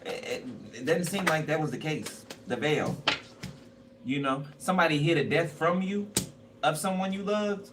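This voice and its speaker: A man's voice: fairly high pitch, moderate pace. A man doing a casual tarot card reading, blunt and profane and repeating himself a lot. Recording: noisy, distant mic.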